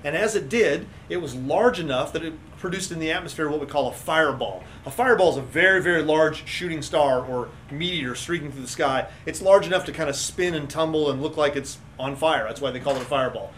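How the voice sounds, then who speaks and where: A man talks fast in a slightly high voice, explaining space news with eager energy. He stumbles and restarts now and then in relaxed radio chat. A faint hiss sits behind him. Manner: enthusiastic explainer, stammers and restarts. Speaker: space science guest.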